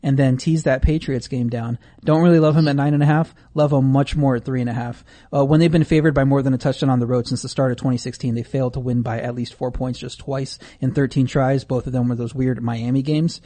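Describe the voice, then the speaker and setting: A man co-hosting a casual betting podcast, with quick, dry sarcasm. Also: medium pitch, fairly even intonation, warm tone. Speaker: podcast co-host.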